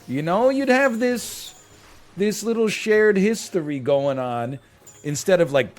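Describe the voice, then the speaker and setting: Young guy streamer reacting to posts, super lively up and down voice, mocking and sarcastic. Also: fairly high pitch, a little slow, faint music behind. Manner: animated, mocking, swings into sarcastic put-on quotes. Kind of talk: casual reaction commentary.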